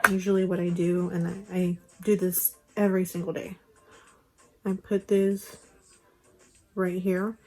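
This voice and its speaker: A woman's voice: medium pitch, background noise. A young woman chatting casually through a makeup tutorial, rambling with lots of fillers, recorded on a phone at home. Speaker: beauty vlogger. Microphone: phone camera.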